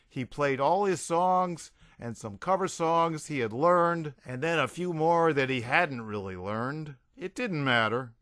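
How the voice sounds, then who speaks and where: A man reading a comic audiobook in a wry storytelling voice. His tone is bright and forceful with a lively pitch, recorded close and dry. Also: no room sound. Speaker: audiobook reader. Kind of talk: comedic audiobook narration.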